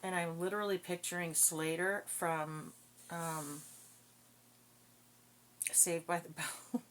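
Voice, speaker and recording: Slow, musing woman psychic. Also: on the low side, steady tone, slight background noise. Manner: slow, musing, thinking aloud. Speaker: psychic card reader. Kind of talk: casual channeled reading.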